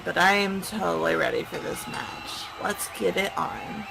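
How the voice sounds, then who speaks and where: A woman's voice: on the low side, expressive, measured pace, creaky, background noise. A woman co-commentating a wrestling show, playful and teasing in casual banter.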